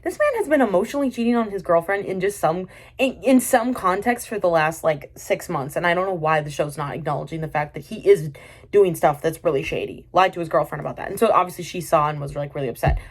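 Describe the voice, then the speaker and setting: A woman's voice: on the low side, quick pace, slightly rough. A woman reviewing a drama in a casual, exasperated and sarcastic rant, full of fillers and restarts.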